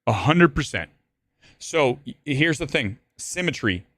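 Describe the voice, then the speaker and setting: Male live-stream host; rambling, profane banter; animated pitch. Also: unhurried, no echo, clean studio sound. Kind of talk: live-stream movie talk.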